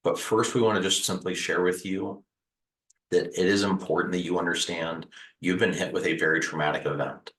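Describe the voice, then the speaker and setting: A man's voice: low voice, fairly even intonation, moderate pace, reverberant, poor audio. A man hosting a video on recovering after a house fire, talking earnestly and reassuringly to the viewer, with repeated phrases and the odd "uh". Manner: gentle, reassuring, repetitive phrasing with fillers. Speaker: host sharing house fire recovery advice. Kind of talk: earnest direct-to-camera advice talk.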